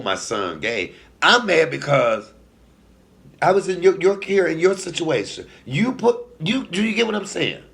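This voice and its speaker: This voice is a little high: a man in his forties doing comedy about his own life, sassy and animated. He speaks straight to viewers, laughs at his own lines, and moves between soft asides and loud outbursts.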